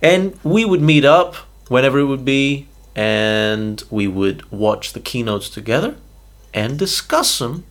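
Picture a young man, co-hosting a casual podcast chat about gadgets. His voice sits in an ordinary middle register. He talks animatedly and keeps checking in with a quick "okay?". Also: mid-range voice, animated. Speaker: podcast co-host.

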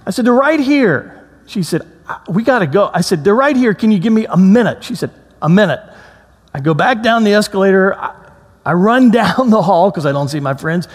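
A man preaching a sermon as a pastor, telling a story with lively acted-out quotes before slowing into reflective reading. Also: high-pitched. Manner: storytelling, animated, acts out quotes in a raised voice. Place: church sanctuary. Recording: long hall reverb.

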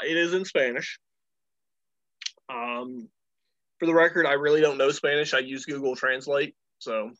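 A man's voice: medium pitch, fairly bright tone, no room sound. A man chatting casually, laughing and swearing as he rambles along with plenty of fillers. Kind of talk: casual chat. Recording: dull lo-fi recording.

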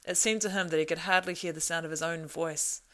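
A woman narrating a storybook in a measured, expressive reading. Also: fairly low pitch. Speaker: audiobook narrator.

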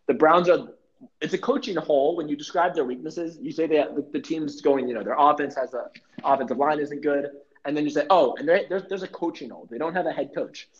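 A young man hosting a casual sports podcast, rambling through jokey theories and swearing freely. His voice is husky and slightly breathy. The recording sounds muffled and lo-fi. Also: a little high. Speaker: podcast host.

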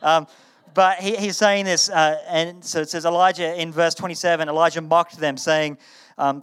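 Smooth-voiced man preaching casually. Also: fairly high pitch, moderate pace. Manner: conversational, animated retelling with repeated words. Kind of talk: sermon. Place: in front of a live audience.

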